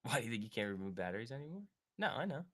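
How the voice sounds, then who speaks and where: A man's voice: mid-range voice, very animated, rapid-fire. A man hosting a live stock market stream, chatting casually, joking and reacting to viewers and charts. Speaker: stock trading livestream host.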